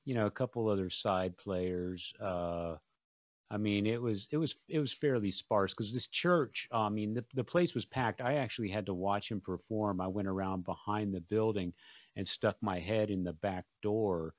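A man's voice: fairly low pitch, normal speed, no room sound, dull audio. A man chatting casually, telling a rambling story full of fillers and restarts. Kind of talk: casual conversation.

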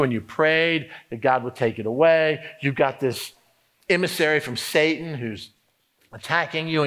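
A man's voice: medium pitch, a bit bright. A man preaching a sermon, emphatic, acting out prayers and inner talk in the first person. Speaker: pastor.

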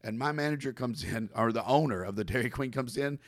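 A man's voice: mid-range voice, quick pace. Man telling a prank story with a laugh. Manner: self-mocking, laughs through his own stories. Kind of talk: casual storytelling chat.

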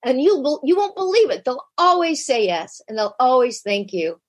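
A woman guest in an interview, telling a personal story candidly and animatedly, acting out quoted lines. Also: moderate pace. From United States. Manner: animated, shifts pitch sharply when acting out quotes. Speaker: podcast guest.

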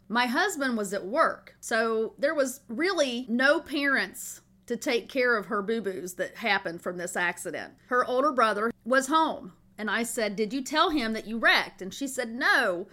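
Bright-voiced chatty woman host. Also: fairly high pitch. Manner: chatty, warm storytelling with folksy asides. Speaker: podcast host. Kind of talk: solo podcast storytelling.

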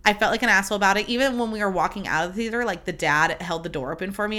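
A young woman hosts her own solo podcast, gushing and bubbly, swearing freely as she chats. Her medium-pitched voice comes out very fast with few pauses and sounds pushed and bright.

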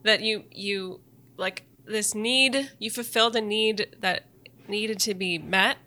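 Bright-voiced emotional woman host. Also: mid-range voice, takes it slowly. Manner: warm, effusive, emotional, gives short back-channel replies. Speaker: podcast host, nurse. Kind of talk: casual interview conversation.

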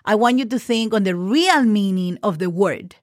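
A woman's voice: mid-range voice, lively intonation, no room sound, studio quality. A woman hosting a casual podcast lesson, patiently spelling words letter by letter and often checking in with "okay". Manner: slows down for example sentences. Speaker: Spanish teacher podcast host.

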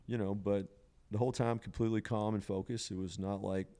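A man's voice: fairly low pitch, little pitch movement, fairly quick, mellow. A man telling a personal story in casual conversation, rambling with many fillers and frequent laughter. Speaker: podcast guest sharing a psilocybin experience.

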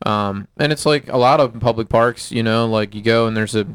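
A man with a smooth, resonant voice at a mid pitch, talking in casual chat. He is measured and thinks aloud, hedging as he goes. The sound is dry and close. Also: no room sound.

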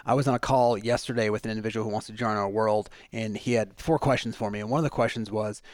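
A man hosting a casual podcast conversation, telling energetic stories and acting out the people he quotes. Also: fairly low pitch, quick pace, no echo. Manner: energetic storytelling with acted-out quotes.

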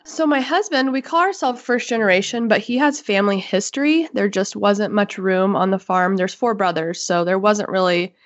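A woman from Northwest Kansas talks about her farm in a casual, plainspoken way. Her voice sits in a middle pitch. The sound is dry and a little dull, like remote call audio. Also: moderate pace, few pauses, dry recording. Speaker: podcast guest, farmer. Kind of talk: interview answers.

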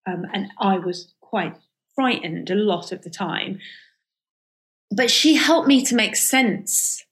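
A middle-aged woman speaks as an interview guest, candid and reflective. She hesitates often and restarts her sentences, filling gaps with soft ums as she thinks aloud. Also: mid-range voice, expressive, slow. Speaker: guest, comedian and author. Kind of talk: reflective casual interview talk.

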